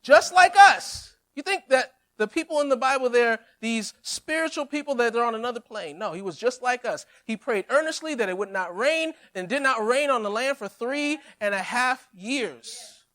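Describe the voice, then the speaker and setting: A male pastor preaching a sermon, telling a Bible story with lively humor and acted-out quotes. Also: extremely high pitch, normal speed, few pauses.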